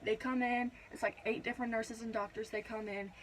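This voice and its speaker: A woman's voice: fairly high pitch, little pitch movement, a little fast, slight background noise, low-quality recording. Rambling young woman telling a story. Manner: rambling, many "like" and "whatnot" fillers. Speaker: YouTuber telling her birth story. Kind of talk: casual storytime vlog.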